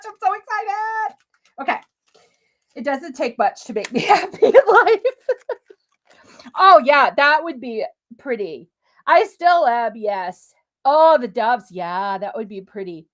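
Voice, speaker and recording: A woman's voice: extremely high pitch, a bit bright. A woman hosting a live crafting demo, chatty and gushing, talking straight to her viewers as she works. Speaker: crafting livestream host.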